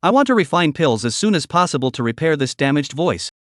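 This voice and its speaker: A man narrating a story recap in a steady, scripted way. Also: fairly high pitch, fairly quick, dry recording, clean studio sound.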